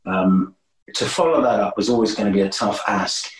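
A man guesting on an interview, telling stories in a lively, animated way with many restarts. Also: moderate pace. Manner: animated, swooping pitch, frequent restarts. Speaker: guest musician. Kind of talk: casual interview storytelling. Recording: roomy echo.

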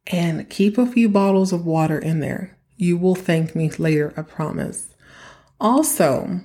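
A young woman from Texas talks through a solo podcast episode in a loose, chatty way, leaning hard on her advice to the listeners. Her voice sits a little low for a woman. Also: warm tone. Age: young adult. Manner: chatty, emphatic, giving advice directly to listeners. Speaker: podcast host. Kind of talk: casual solo podcast monologue.

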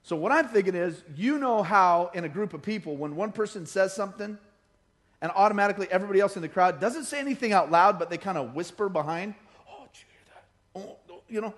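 A male pastor preaching a sermon, telling stories with lively acted-out quotes. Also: high-pitched, fast talker. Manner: animated storytelling, acting out quoted voices. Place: church hall.

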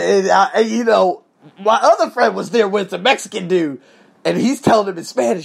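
Gravelly, husky man telling a story. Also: high-pitched, fairly quick. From Las Vegas, USA. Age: 30s. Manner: animated, profane, laughs often. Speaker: storyteller talking to viewers. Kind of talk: casual storytelling monologue.

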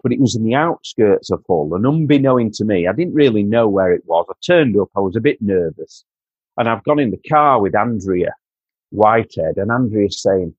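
A Yorkshire-accented man from Doncaster, England, earnestly tells his own story as a podcast guest, repeating himself and calling the host mate. His fairly low voice is expressive and a bit breathy, at a moderate pace. The recording is dry and lo-fi.

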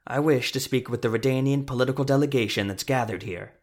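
A nervous but polite craftsman speaks in a slightly altered timbre, as a male storyteller puts him on. He tries to reason, sounding earnest and a little pleading, at a man's middle pitch. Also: quick pace, natural voice.

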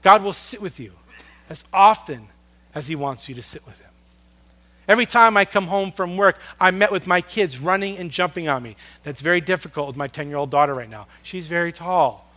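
Bright-voiced preacher man, hushed to booming. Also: expressive, fairly quick. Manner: dramatic swings in loudness, dropping to a hush on soft words; earnest, storytelling. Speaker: pastor. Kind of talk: sermon.

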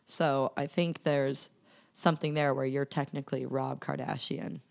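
Female podcast guest, deep for a woman, playful storyteller. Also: steady tone, normal speed, creaky. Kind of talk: casual chat.

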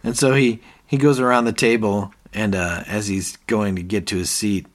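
A man's voice: on the low side, fairly even intonation, normal speed. A man co-hosting a podcast, retelling scenes in casual chat and acting out the characters' lines between laughs. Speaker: podcast co-host.

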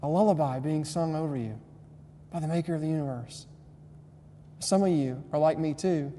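Young male pastor, sermon delivery, mellow tone, quiet to fervent, recorded in a reverberant hall. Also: on the high side, normal speed. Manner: swings from quiet tender lines to loud impassioned preaching. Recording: long hall reverb, faint hum.

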